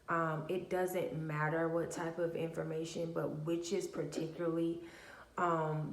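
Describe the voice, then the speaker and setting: A woman's voice: sits low, echoey room. A woman talking casually to camera as a spiritual vlogger, blunt and profane, telling stories with lots of animation.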